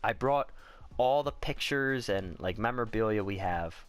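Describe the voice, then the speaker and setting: A man's voice: fairly low pitch, lively intonation, normal speed, smooth. A young man telling a personal story in a casual vlog, candid and rambling, swearing freely and saying "like" a lot. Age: young adult. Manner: candid, profane, rambling, heavy on "like".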